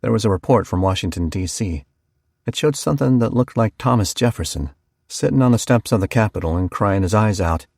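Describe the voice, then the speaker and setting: A man's voice: fairly low pitch, lively intonation, fairly quick, creaky, darkish tone, dry recording, clean studio sound. A man narrating a first-person horror audiobook in a folksy storytelling manner.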